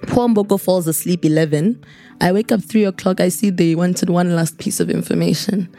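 A woman's voice: lowish voice, moderate pace, vocal fry, soft background music. A young woman from Botswana, telling a story as a podcast guest and acting out the voices of the people in it. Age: young adult. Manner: lively, acts out voices of people in her story. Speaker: podcast guest, fashion designer.

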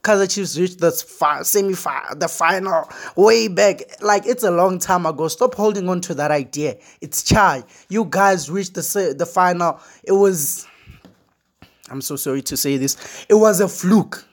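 South African man, podcast host, fairly high voice, frustrated rant, slangy and repetitive. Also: normal speed. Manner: frustrated, ranting, slang-filled, repeats words. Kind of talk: casual solo podcast rant.

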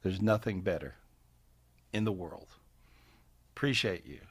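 A man with a somewhat low voice leads a live spiritual healing session over a video call. He talks in a folksy, repetitive way and laughs easily. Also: a little slow, slightly rough. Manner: warm, folksy, repeats phrases, laughs often.

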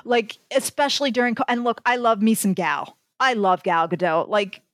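A woman's voice: a little high, lively intonation, moderate pace, fairly bright tone, no room sound. A woman author ranting bluntly in a candid podcast chat, swearing freely. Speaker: guest, fantasy author.

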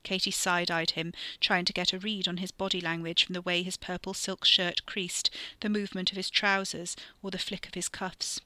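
Bright, dry-voiced horror story narrator. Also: medium pitch, flat delivery, normal speed, few pauses, no room sound. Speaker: podcast storyteller.

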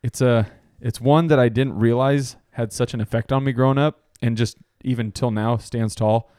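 A man's voice: mid-range voice, normal speed, smooth, no echo. Guy talking movies with friends, dry close mic, does the character voices. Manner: animated, acts out movie quotes with laughter. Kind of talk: casual movie chat.

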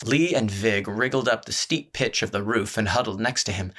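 Low-voiced male storybook narrator. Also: normal speed, a bit bright, breathy edge. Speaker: audiobook narrator. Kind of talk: scripted narration.

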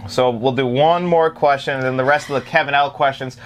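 Man, co-host, casual chat, joking, laughs often, middle pitch, faint background hiss. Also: steady tone, fairly quick. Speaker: co-host of a physical media show.

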